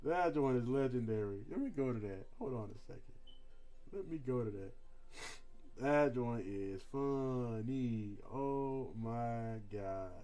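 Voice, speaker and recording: A man's voice: medium pitch, animated, slow, mellow. A young man streaming a game, chatting casually with slang and jokes. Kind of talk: casual gameplay commentary.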